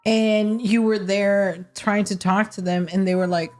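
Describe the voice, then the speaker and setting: Slow-talking young woman co-host. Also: medium pitch, fairly even intonation, a little mellow. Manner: slow, drawn-out reactions with sworn asides. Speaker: podcast host. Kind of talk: casual chat.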